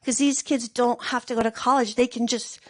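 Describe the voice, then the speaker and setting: High-voiced woman doing rambling stand-up. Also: brisk. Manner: rambling, deadpan storytelling with filler words. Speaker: stand-up comic. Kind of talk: stand-up comedy set.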